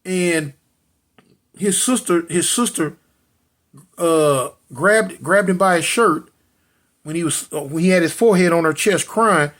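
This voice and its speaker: A man's voice: fairly high pitch, a little slow, pauses often, fairly bright tone. A man telling a street story dramatically, repeating lines, calling out to listeners and voicing gunshot sounds. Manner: addresses listeners directly.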